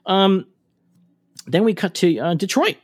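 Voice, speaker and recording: A man's voice: high-pitched, lively intonation, measured pace, breathy edge. A man co-hosting a podcast who casually recaps a cartoon episode, rambling with lots of fillers and the odd curse. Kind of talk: casual chat.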